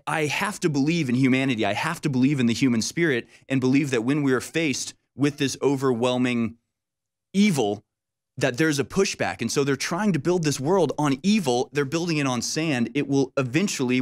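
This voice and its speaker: A man's voice: mid-range voice, moderate pace. A man hosting a casual political conversation, speaking emphatically and often repeating his words.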